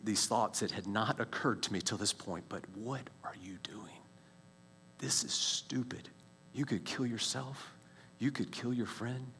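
A man in his forties sharing a personal faith testimony as a story, animated, with many restarts and quiet, hushed stretches at tense moments. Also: lowish voice.

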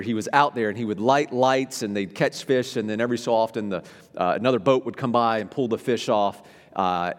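Pastor preaching in a reverberant hall. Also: male voice, on the low side. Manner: animated, voice rising and dropping for emphasis. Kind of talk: sermon. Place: church sanctuary. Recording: hall reverb from a large room.

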